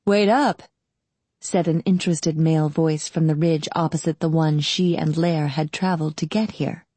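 Calm woman narrating with a husky voice. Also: sits low, moderate pace, no echo. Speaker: audiobook narrator. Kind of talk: scripted narration.

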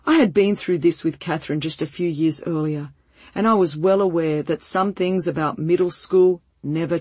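A woman reading a first-person story aloud in a gentle, heartfelt and measured way, with a breathy voice. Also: deep voice, no echo. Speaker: narrator.

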